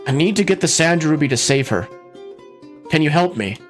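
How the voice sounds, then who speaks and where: A man's voice: fairly high pitch, animated, moderate pace, soft background music, pitched above the performer's own voice, natural voice. A man voicing an earnest young knight in a game read-through, polite and pleading.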